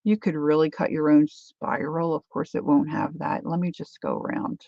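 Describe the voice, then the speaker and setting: A woman's voice: sits low, flat delivery, normal speed, gravelly, warm tone, highs cut off. A woman hosting a craft livestream, rambling chattily through a demo and answering viewer comments.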